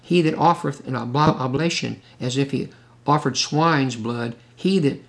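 A man preaching a sermon, reading scripture slowly and breaking in with questions and asides to his listeners. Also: medium pitch, creaky. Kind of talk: sermon, Bible teaching.

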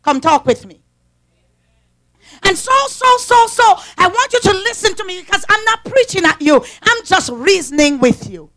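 A woman preacher delivering an emphatic sermon, rising into shouts and calling on the congregation. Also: very high-pitched, very animated, normal speed. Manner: emphatic, call-and-response preaching that rises to shouts.

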